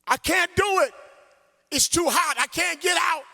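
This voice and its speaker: A man's voice: very high-pitched, unhurried, creaky, sharp tone, shouting, pitched above the performer's own voice, full character voice. A man preacher voicing a terrified little boy trapped by a fire, crying out and pleading. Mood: scared pleading. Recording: long church hall reverb.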